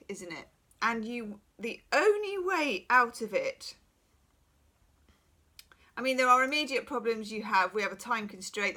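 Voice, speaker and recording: A woman's voice: mid-range voice, sharp tone. A middle-aged woman who is losing her voice, giving a frank, chatty private tarot reading full of reassuring asides. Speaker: tarot reader.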